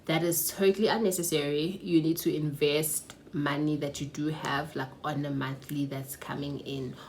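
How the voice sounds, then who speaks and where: A woman's voice: low-pitched, steady tone, normal speed, darkish tone, slight background noise. A young woman with a South African accent talking about money habits in a casual vlog, chatty and laughing often, slipping in Zulu words. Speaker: personal finance vlogger. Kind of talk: casual vlog talk to camera. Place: her mother's house.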